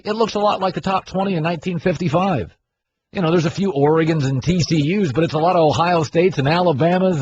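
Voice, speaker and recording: Middle-aged guy ranting on sports radio, kinda high voice, dull audio with faint hiss. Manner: brash, argumentative, mimics people in loud voices. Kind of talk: opinionated sports talk radio.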